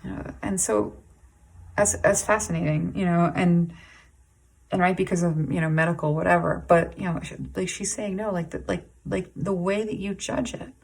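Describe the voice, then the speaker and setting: A woman reads tarot to camera in a low, gravelly voice with a husky edge. Her talk is halting and rambling, full of restarts and "like"s. She pauses often to sigh and breathe, caught up in the emotion of the reading. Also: steady tone, a little mellow. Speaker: tarot reader.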